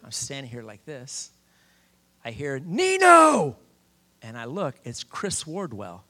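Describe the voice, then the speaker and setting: A middle-aged man preaching a sermon, telling his own story with lively quoted voices. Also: medium pitch, a little slow. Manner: animated storyteller, shouts quoted lines. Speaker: campus minister preaching. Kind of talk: sermon with personal testimony.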